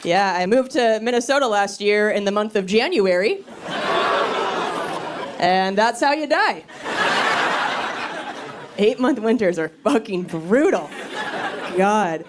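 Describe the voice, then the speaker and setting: A woman's voice: medium pitch, expressive, takes it slowly, pauses often, a loud crowd. A woman in her thirties doing a stand-up comedy set, telling stories with punchy timing, acting out quoted lines and laughing at her own jokes. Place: comedy club stage with live audience laughing. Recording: live club recording, audible room noise.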